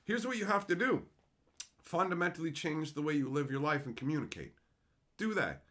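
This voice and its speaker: A man's voice: on the high side, big pitch swings, a little fast, a bit bright. A middle-aged man from Canada hosting a casual livestream, ranting with heavy profanity and mocking silly voices. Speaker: livestream host.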